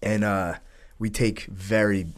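A man in his late thirties with a lowish voice chats loosely on a podcast. He grew up near New York and peppers his stories with dude and man. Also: flat delivery, takes it slowly. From New York, United States. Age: 30s. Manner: easygoing, says dude and man often. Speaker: podcast host. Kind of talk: casual chat.

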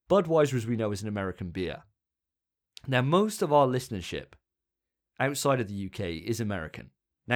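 A British man hosting a podcast, chatty, sweary and self-mocking. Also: on the low side. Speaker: podcast host. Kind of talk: casual podcast chat.

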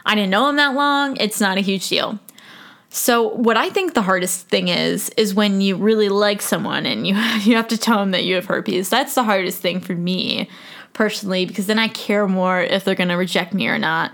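A woman's voice: medium pitch, moderate pace, gravelly. A woman in her twenties hosting a solo podcast, talking frankly and casually, joking and laughing often. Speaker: podcast host.

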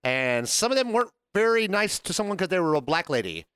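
A man's voice: sits high, brisk, clean tone. A man hosting a podcast, telling work stories in casual chat and acting out quoted lines. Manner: animated storyteller, acts out quotes. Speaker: podcast host.

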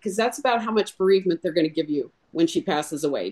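A woman explaining her sales method in an animated way, acting out both sides of a client talk. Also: on the low side, fast, hardly any pauses. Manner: animated, acts out clients' lines in a role-play. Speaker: insurance sales trainer. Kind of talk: instructional chat on a podcast.

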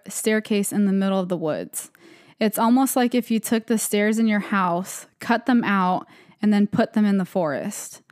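A young woman co-hosting a podcast casually retells creepy stories in a rambling way, dropping "like" constantly. Her mid-range voice has a darkish, clean tone, recorded in studio quality with no echo.

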